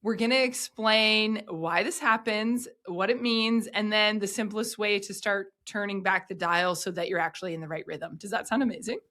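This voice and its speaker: A woman's voice: medium pitch, moderate pace, hardly any pauses, sharp tone. A woman hosting a podcast, upbeat and encouraging in casual chat, often laughing. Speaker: podcast host.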